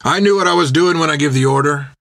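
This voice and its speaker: A man voicing a defiant, rough mutineer sailor who talks in a growl. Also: fairly high pitch, fast, fairly bright tone, voice pushed up. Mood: firm.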